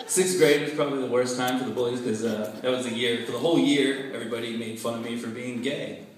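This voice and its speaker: A man doing a stand-up comedy set, deadpan with laughing asides, on a club stage. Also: medium pitch, fast talker. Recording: echoey club with crowd laughter. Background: audience laughing.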